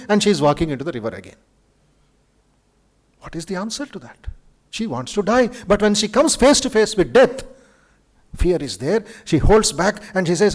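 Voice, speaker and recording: A monk with an Indian English accent giving a lively spiritual lecture to students in a university auditorium, telling stories with dramatic flair. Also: male voice, sits high, moderate pace. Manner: animated storyteller, acts out quoted speech, chuckles.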